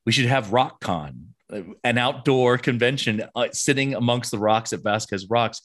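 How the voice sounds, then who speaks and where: A middle-aged man co-hosting a podcast, telling stories in casual chat with quick restarts. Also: mid-range voice. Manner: animated storyteller, quick restarts. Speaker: podcast co-host.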